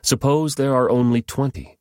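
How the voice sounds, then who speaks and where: A man's voice: medium pitch, steady tone, normal speed, darkish tone, dry recording, studio quality, voice pushed up, natural voice. A man reading the lines of a humble, earnest old patriarch who keeps pleading.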